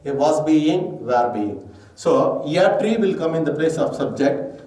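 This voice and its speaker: A man with an Indian English accent teaches grammar, walking through each step and putting questions to the class before answering them himself. His voice is fairly high for a man and mellow in tone. He is recorded from a distance in a room with heavy echo. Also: expressive, measured pace. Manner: explains step by step, asks and answers own questions. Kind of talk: grammar lesson. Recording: echoey room, distant mic.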